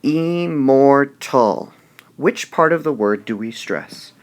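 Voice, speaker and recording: A male teacher giving a recorded video lesson, explaining slowly and deliberately and drawing out example words. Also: medium pitch, expressive, a bit bright.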